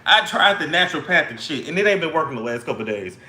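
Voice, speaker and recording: Man ranting celeb gossip on a livestream, cussing, mocking, coughing, pretty high voice, echoey room. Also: very animated, fast talker, bright, forceful tone. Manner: blunt, profane and mocking. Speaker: host. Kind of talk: live-stream celebrity gossip.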